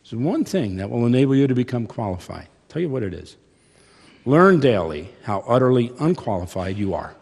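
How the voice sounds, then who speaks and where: A man in his sixties, a seminary professor, preaching a chapel sermon with dramatic swings from hushed to loud. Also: medium pitch, big pitch swings, gravelly, husky. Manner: slow, deliberate preaching. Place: large chapel hall. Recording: long reverb of a large hall.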